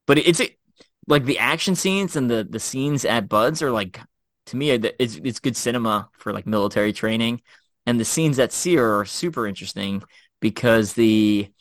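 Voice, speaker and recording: A man's voice: mid-range voice, no echo. A middle-aged man telling military stories in a casual podcast chat, full of fillers and restarts. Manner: animated storyteller, many fillers and restarts. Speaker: former Special Forces officer, guest co-host.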